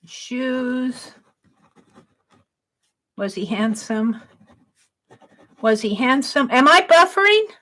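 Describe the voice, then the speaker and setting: A woman hosting an art livestream, slowly reading out her viewers' questions one by one and praising them as she writes them down. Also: high-pitched, very animated, sharp tone. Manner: slow, reads out each viewer question and praises it.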